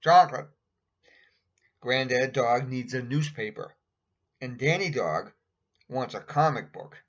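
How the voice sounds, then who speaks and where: A man's voice: medium pitch, animated, measured pace. A man casually reading a picture book aloud, adding chatty asides and pointing at the pictures. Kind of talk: casual storybook read-aloud. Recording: dull lo-fi recording.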